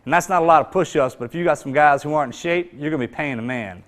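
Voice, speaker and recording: A man delivers a motivational talk at a brisk, driving clip. His phrasing is emphatic and street-casual, and he hammers his points home. His voice rises in force when he acts out a drill instructor's shouting. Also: a little high. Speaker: motivational speaker. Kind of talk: storytelling speech.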